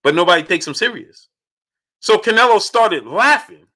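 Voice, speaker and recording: A man's voice: sits high, lively intonation, normal speed, bright, forceful tone. A man hosting a live boxing talk stream. He greets chat viewers by name and repeats his points with emphasis. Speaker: boxing channel host.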